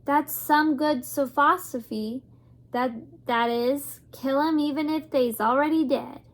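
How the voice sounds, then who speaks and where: Lady putting on a slow simple servant girl, hard of hearing, talks loud and country. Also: high-pitched, steady tone. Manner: loud, simple, rustic speech. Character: slow-witted, half-deaf young servant girl.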